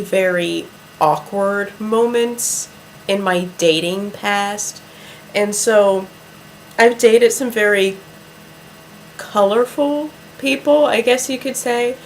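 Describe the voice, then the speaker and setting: A woman vlogger telling a story to camera in a chatty, drawn-out way, with many "like" fillers. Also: medium pitch, slight background noise, rough recording.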